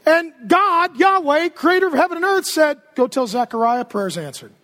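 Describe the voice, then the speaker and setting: A man's voice: very high-pitched, expressive, moderate pace, fairly bright tone, voice pushed up. A man preaching a sermon while voicing a bold male angel messenger with a sarcastic, emphatic manner.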